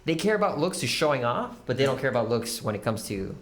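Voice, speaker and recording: A young man co-hosting a casual podcast, rambling through animated, profane stories about dating. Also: medium pitch, quick pace, slight background noise. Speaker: podcast co-host. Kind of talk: casual chat.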